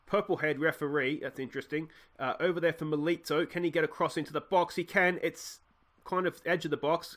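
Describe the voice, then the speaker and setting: A young Australian man commentating his own football management game, swinging from loud shouts at near misses to quiet musing. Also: a little high, fairly even intonation, brisk. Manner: bursts into shouts at near misses, then drops to musing mutters. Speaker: gaming let's play host.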